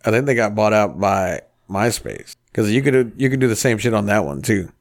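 A man's voice: lowish voice, expressive, moderate pace, gravelly. A man in his thirties hosting a casual podcast, telling long rambling stories full of swearing. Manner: profane, rambling storyteller. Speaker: podcast host.

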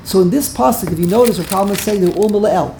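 A woman's voice: mid-range voice, quick pace, dark tone, a little hiss or hum. A woman teaching a Torah grammar class, emphatic and repeating words while she corrects pronunciation. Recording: echoey room.

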